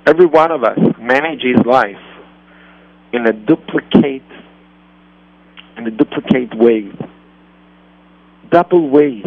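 A man's voice: medium pitch, slow, pauses often. A man who speaks natively, talking earnestly about parenting on a radio show, repeating and rephrasing his points. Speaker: rabbi and radio host. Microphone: radio studio mic. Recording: dull lo-fi radio recording.

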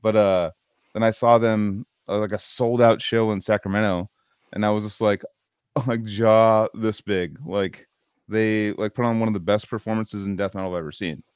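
Low-voiced drunk guy, rambling swearing storyteller, dry close sound. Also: steady tone, normal speed, darkish tone, clean tone, dry recording. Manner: rambling, profane, filler-heavy storytelling. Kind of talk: casual chat.

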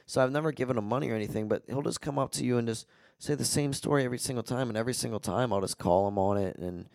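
A man's voice: mid-range voice, racing, vocal fry, darkish tone, no room sound, clean studio sound. A young man, chatting casually as a podcast co-host and telling blunt, profane anecdotes. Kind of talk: casual chat.

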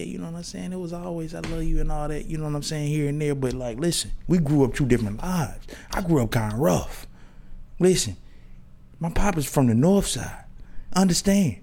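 A man's voice: fairly high pitch, moderate pace, vocal fry, warm tone. A man in his thirties hosting a podcast, telling loose, slangy stories with many restarts and asides. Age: 30s. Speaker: podcast host. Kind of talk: casual monologue.

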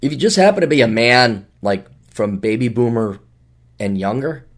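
A middle-aged man hosting a solo podcast, talking in a sarcastic, rambling way with big jumps in pitch for emphasis. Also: expressive, moderate pace. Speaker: podcast host.

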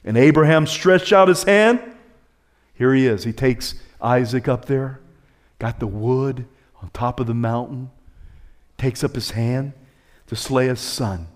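A man preaching a sermon as pastor, swinging his pitch high and low and calling out to the congregation. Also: fairly even intonation, measured pace, darkish tone.

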